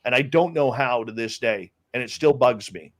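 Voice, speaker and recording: A man, a radio host, speaking as an interview guest and telling a personal story in a lively way, often restarting his sentences. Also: mid-range voice, normal speed. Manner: animated storyteller with many restarts. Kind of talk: casual storytelling chat.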